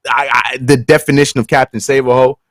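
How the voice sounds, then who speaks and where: A man co-hosting a casual sports talk show, laid-back and quick to laugh, often trailing off and restarting. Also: medium pitch, flat delivery, fairly bright tone, no room sound, clean studio sound.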